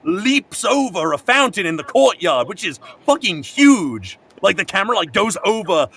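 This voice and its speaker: A man with a bright, forceful, slightly raised voice retells an anime plot in casual fan chat. He gets excited and swears freely as he talks. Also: sits high, moderate pace, slight background noise. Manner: excited, profane storytelling. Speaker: co-host.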